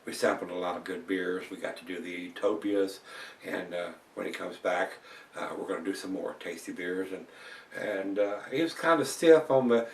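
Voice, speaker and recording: A man's voice: low voice, normal speed, recorded from a distance, a little hiss or hum. A man in his home kitchen, giving a casual beer review in a rambling, folksy, chatty way. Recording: roomy echo, voice off-mic.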